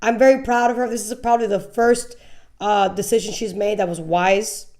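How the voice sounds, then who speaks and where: A woman hosting a live political talk show, blunt and animated, often repeating words as she talks. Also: mid-range voice, moderate pace. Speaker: host. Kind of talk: casual political commentary.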